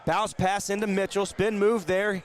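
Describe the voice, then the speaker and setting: A man calling live basketball play-by-play from a community center gym, rattling off the action and getting excited on big plays. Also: sits high, moderate pace, over a noisy crowd. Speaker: play-by-play announcer.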